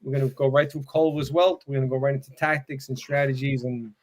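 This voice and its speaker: A man's voice: mid-range voice, flat delivery, fast, a little mellow. A man in his sixties, a retired fire battalion chief, giving tips and stories in a casual podcast interview, rambling easily and leaning on "you know" and "man".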